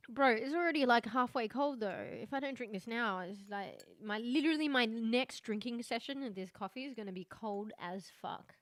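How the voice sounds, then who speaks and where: A woman streaming a horror game in a loose, chatty way, swearing freely and laughing between thoughts. Her voice sits a little high, and the sound is close and dry with no room around it. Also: normal speed, few pauses, fairly bright tone, no room sound. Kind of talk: casual live-stream commentary.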